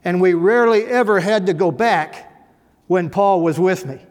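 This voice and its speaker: A middle-aged ex-policeman tells funny stories to an audience at normal speed, his high-pitched voice a little mellow. His folksy storytelling is full of dry, self-mocking humor, and the recording has an echoey hall reverb.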